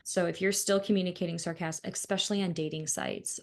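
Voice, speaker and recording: A woman's voice: fairly low pitch, steady tone, a little fast. A woman co-hosting a podcast who talks with clients as a counselor, giving blunt, opinionated views in casual chat.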